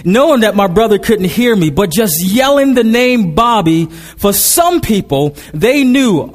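A man's voice: high-pitched, big pitch swings, measured pace, hardly any pauses, long reverb tail. A man preaching a sermon, opening with prayer and telling a story with humor and frequent repeated words. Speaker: pastor. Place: church sanctuary.

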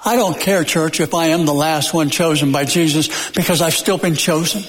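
A man preaching a sermon in a church, emphatic and folksy, repeating phrases with dramatic pauses and joking now and then. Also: a little high, a bit bright. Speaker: pastor. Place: church sanctuary. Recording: long hall reverb.

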